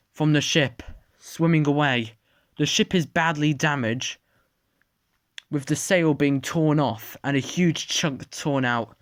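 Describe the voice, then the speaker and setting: A narrator telling an improvised story in a halting way, often restarting sentences. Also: medium pitch, dry recording, clean studio sound.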